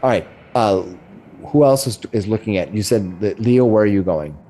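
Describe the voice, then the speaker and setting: A middle-aged man narrating as game master, describing rooms in a halting way with many restarts. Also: lowish voice, animated, mellow, slight background noise.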